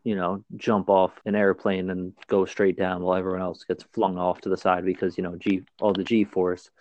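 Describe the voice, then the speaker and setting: A man's voice: low-pitched, little pitch movement, moderate pace, a little mellow, dull audio. A man co-hosting a casual movie chat, with wry, sarcastic asides. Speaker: podcast co-host.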